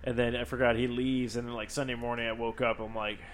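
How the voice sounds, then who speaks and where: A man's voice: mid-range voice, flat delivery, fast, slight background noise. A man co-hosting a casual podcast chat, joking and rambling through stories with plenty of swearing. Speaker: podcast co-host.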